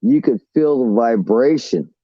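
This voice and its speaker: A man's voice: medium pitch, lively intonation, measured pace, dry recording. A man rambles through a story with plenty of cursing and restarts, taking his time over every sentence. His voice comes through a dull, lo-fi line with no room sound around it. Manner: rambling, profane, restarts often. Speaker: caller. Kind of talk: casual storytelling on a call-in show.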